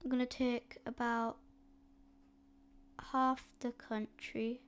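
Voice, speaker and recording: A woman narrating a map history video in a slow, hesitant way, with a stuffy, snotty nose and frequent fillers. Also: a little high, little pitch movement, smooth.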